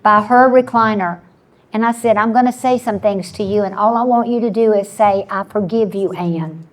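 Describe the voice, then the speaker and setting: A woman's voice: mid-range voice, normal speed. A woman in her seventies, a panelist sharing an earnest personal story with frequent restarts. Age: 70s.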